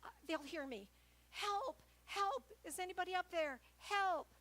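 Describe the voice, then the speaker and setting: A woman voicing a panicked man hiker who hangs over a ravine and yells for help. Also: high-pitched, fast, husky, voice pushed up. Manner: desperate shouting for help.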